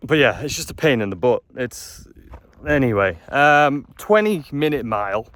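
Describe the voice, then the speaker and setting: A man's voice: medium pitch, lively intonation, moderate pace, fairly bright tone. A man vlogging from a windy mountain trail, slightly out of breath, chatty and frustrated. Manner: chatty, frustrated, self-deprecating. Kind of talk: casual vlog narration while hiking. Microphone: phone camera held while walking. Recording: faint wind noise outdoors. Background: wind noise.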